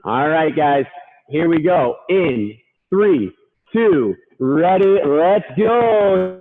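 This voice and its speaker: A man's voice: on the high side, expressive, extremely slow. Upbeat male workout coach, tinny sound. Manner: upbeat, counting reps and urging on. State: out of breath at times. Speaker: fitness coach.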